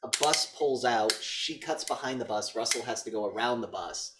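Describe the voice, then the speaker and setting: A man's voice: medium pitch, normal speed, background noise. A man casually retelling a film scene by scene for a podcast, swearing freely and acting out the characters' lines. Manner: animated, profane storytelling, acts out quotes. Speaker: podcast co-host. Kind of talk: casual movie review chat.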